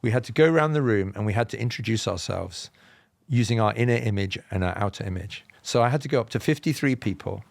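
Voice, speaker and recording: A man from England with a southern, BBC-style received pronunciation accent, telling personal stories as a podcast guest in a measured, explanatory way with self-deprecating humour. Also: fairly low pitch, animated, vocal fry, no room sound, clean studio sound. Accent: Southern English, BBC-style received pronunciation. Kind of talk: reflective personal storytelling.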